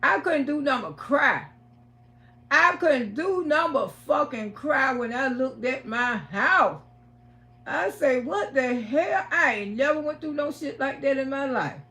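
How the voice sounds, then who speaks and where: A woman's voice: high voice, a bit bright. A woman hosting a livestream, telling a dramatic story to her viewers, acting out the voices and swearing freely. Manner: dramatic retelling, acts out quoted voices, swears. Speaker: livestream host.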